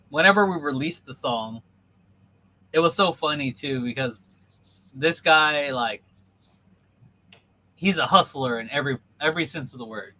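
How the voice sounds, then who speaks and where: Bright-voiced rambling man on a call. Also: mid-range voice, a little hiss or hum, poor audio. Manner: rambling, lots of ums and likes. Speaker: podcast host. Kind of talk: casual storytelling chat. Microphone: video call.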